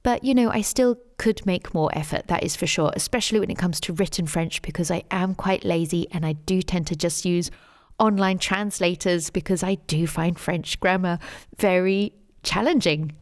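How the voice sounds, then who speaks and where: A middle-aged woman with a London English accent, answering interview questions as the guest, measured and thoughtful, with plenty of "um" and "you know". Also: lowish voice. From England. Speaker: guest, English teacher and tour guide.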